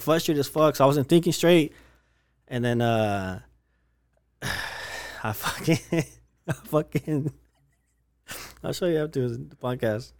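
A man's voice: mid-range voice, no echo, clean studio sound. A young man telling a wild story in casual podcast chat, swearing constantly and acting out what people said. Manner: animated storyteller, heavy swearing, slangy.

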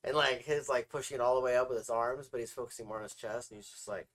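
A man's voice: medium pitch, fairly even intonation, quick pace, fairly bright tone. A man co-hosting a casual podcast who tells rambling stories full of fillers and restarts. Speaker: podcast co-host.

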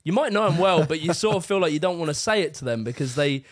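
A man's voice: on the high side, expressive, quick pace. A man co-hosting a podcast, bantering and laughing often in casual chat. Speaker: podcast co-host.

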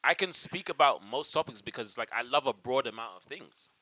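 A man's voice: medium pitch, animated, fairly quick, a crowd in the background, poor audio. A man, a guest actor talking in casual podcast banter, playful and boastful, rambling as he tells stories. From London.

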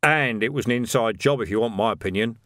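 A man's voice: medium pitch, fast, fairly bright tone, no echo, studio quality, natural voice. A man voicing a sly, corrupt male sergeant who sounds falsely earnest and smug.

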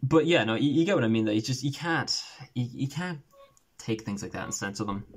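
A man's voice: medium pitch, expressive, fairly quick. Give me a rambling young man hosting a podcast over a call. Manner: rambling, restarts often, laughs at own stories. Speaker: podcast host. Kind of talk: casual video-call chat. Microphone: remote call.

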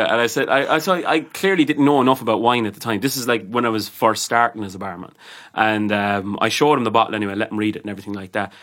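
A man's voice: mid-range voice, fairly bright tone. A man with an Irish accent, a barman co-hosting a casual chat, telling stories in a blunt, heated way with plenty of swearing. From Ireland. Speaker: barman, podcast co-host.

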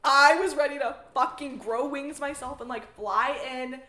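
Excitable, higher-voiced woman host in a roomy room. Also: normal speed. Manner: excitable, swears, acts out quotes of characters. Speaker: podcast host. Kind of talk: casual chat about books.

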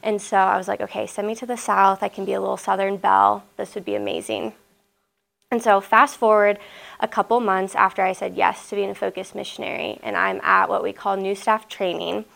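A young woman from Nebraska, a missionary telling a personal story at a school assembly in a lively, chatty way full of "like.". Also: mid-range voice, a little fast, gravelly. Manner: lively, chatty, many "like" fillers. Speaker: missionary speaker. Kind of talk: storytelling talk.

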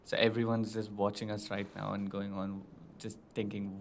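A man's voice: lowish voice, level tone, moderate pace. A young man hosting a podcast in casual chat, teasing his co-host and drawing out his questions. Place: room with a glass wall. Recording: roomy with faint noise.

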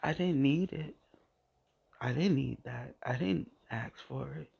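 A woman hosting a podcast, telling a personal faith testimony in an emotional, halting way and often repeating her phrases. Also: extremely low pitch, creaky, darkish tone, husky. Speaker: podcast host. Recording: dull lo-fi recording.

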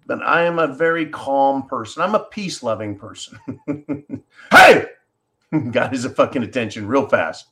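Brief: male podcast host, middle-pitched voice, casual monologue, swears freely, blunt storyteller. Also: fairly bright tone. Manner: blunt, profane, riled-up storytelling.

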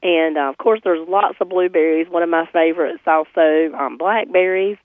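A woman with a slightly hoarse voice, cheerfully reporting by phone on a farmers market, listing produce with lots of ums. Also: on the low side, normal speed, no room sound. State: slightly hoarse, recovering from laryngitis. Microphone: phone call. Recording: tinny phone line.

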